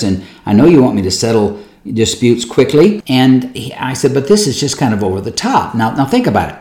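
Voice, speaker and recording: Man preaching, story-telling pastor, echoey room. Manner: conversational, acts out quoted voices with lively pitch jumps. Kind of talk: sermon storytelling.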